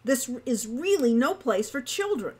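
A woman's voice: fairly high pitch, expressive, moderate pace, natural voice. A woman voicing a hot-tempered young man, a protective older brother who scolds in exasperation. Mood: stern.

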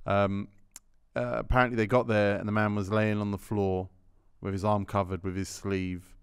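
Male podcast host, deep side, clean dead-dry sound. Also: little pitch movement, moderate pace, smooth, no room sound. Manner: laid-back, reads headlines aloud. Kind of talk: casual chat, reading news stories.

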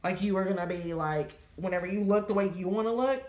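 A woman's voice: medium pitch, fast, a little mellow. A woman answering questions in a couple vlog, speaking earnestly and openly about her relationship. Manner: earnest, open, reflective. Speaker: vlogger's partner. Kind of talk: candid couple Q&A chat. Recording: roomy echo.

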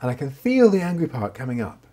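A man's voice: mid-range voice, very animated, fast, warm tone. A man speaking as a therapist in an interview, reflective, often checking in with "right?". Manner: reflective, frequent "right?" tags. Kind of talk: interview answers.

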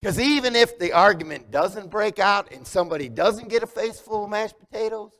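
A man's voice: high-pitched, expressive, fairly quick, fairly bright tone. A man preaching a conversational sermon as pastor, asking the congregation questions. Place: church sanctuary. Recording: long hall reverb.

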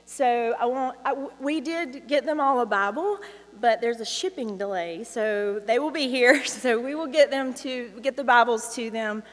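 Addressing the congregation in a church sanctuary, a children's ministry teacher talks warmly and informally at a moderate pace, using fillers. She has a fairly high-pitched voice, and the recording carries the echo of the church hall and the people gathered.

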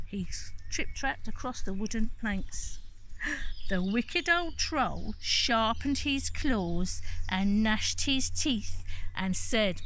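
A forest school teacher telling a children's story outdoors on a bridge, gentle and expressive. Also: female voice, fairly high pitch, slow, slight background noise. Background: birdsong.

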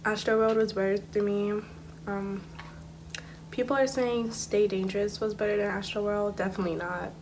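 A woman's voice: mid-range voice, steady tone, moderate pace, a little mellow, a little hiss or hum. A young woman hosting a casual eat-and-talk video, rambling with fillers and correcting herself as she goes. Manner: chatty, self-correcting, filler-heavy. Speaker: YouTuber hosting a mukbang. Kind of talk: casual chat while eating.

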